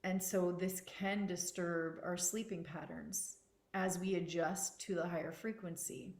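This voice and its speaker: Woman spiritual teacher, unhurried and earnest, slightly low voice, roomy echo. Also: flat delivery. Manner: slow, soft and earnest, repeating words for emphasis.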